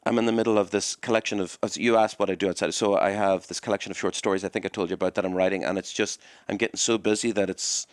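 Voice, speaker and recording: A lowish-pitched man spins a winding story, stopping to act out what everyone said. His voice sits dry and close, with no room around it. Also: steady tone, fast talker, few pauses, no room sound. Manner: rambling anecdotes, acts out quoted dialogue. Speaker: comedy club owner, podcast guest. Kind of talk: conversational storytelling.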